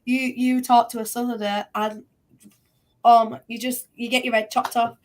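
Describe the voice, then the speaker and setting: A woman's voice: a little high, little pitch movement, moderate pace. A woman from Yorkshire with a Yorkshire accent, a guest chatting frankly and casually. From Yorkshire, northern England. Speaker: guest, psychic medium. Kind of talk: casual chat.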